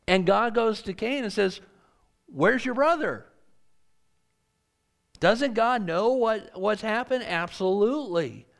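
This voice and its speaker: A man's voice: sits high, gravelly. A man preaching a sermon, reading scripture aloud and asking earnest rhetorical questions.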